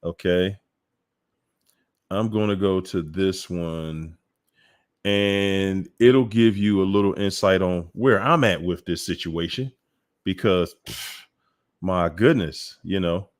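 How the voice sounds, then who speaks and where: A man hosting a casual call-in livestream, chatty and exclaiming as he sets up clips. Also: low voice. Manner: slow, chatty, exclaims and laughs often. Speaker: host.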